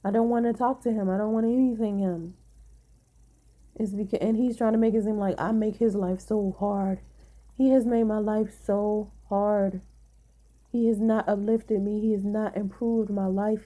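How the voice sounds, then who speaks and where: A woman's voice: mid-range voice, dark tone. A woman vlogger venting to her viewers in casual talk, blunt and emphatic, swearing freely, sounding tired.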